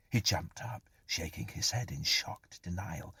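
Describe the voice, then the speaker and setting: A deep-voiced man reading a horror tale with a very husky, breathy texture and frequent half-whispers. He moves slowly and lets his pitch rise and fall expressively, and the sound is close and dry. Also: bright, forceful tone, no echo. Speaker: storyteller. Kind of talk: scripted horror narration.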